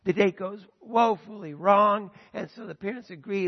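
A man preaching a sermon, retelling a story with animated emphasis before pressing his points home. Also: sits high, normal speed, few pauses. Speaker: pastor. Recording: dull sound, long hall reverb.

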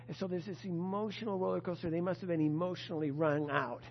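A pastor preaching a sermon to his congregation, emphatic and expressive. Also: high-pitched, quick pace, few pauses, breathy edge. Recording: dull lo-fi sound with long reverb.

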